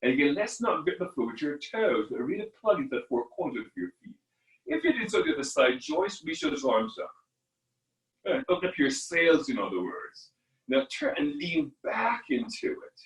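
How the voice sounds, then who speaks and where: Man guiding a yoga class, lively. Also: on the high side, moderate pace. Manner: calm guiding cues with warm asides to students. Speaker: yoga instructor. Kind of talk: live online yoga class instruction. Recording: echoey room from far off.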